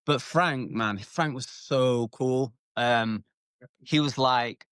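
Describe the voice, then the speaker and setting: A man's voice: mid-range voice, slow, fairly bright tone, clean tone, no room sound, clean studio sound. A British man, a former MMA fighter, telling stories from his fighting days in a casual podcast interview. He swears freely and acts out the people he quotes. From United Kingdom. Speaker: retired MMA fighter, guest.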